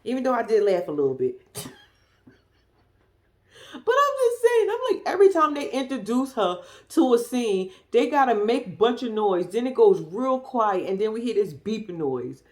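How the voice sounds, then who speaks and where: A woman's voice: a little high, moderate pace. Sassy lady recapping a reality show, voice jumps all over, acts out what everybody said. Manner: sassy, animated, acts out the cast's lines. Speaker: reality TV commentator. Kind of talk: casual recap commentary.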